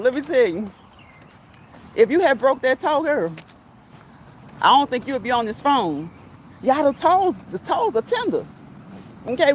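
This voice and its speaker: A woman's voice: fairly high pitch, a little hiss or hum. A woman hosting a casual live stream, chatting, laughing often and reading out viewers' comments.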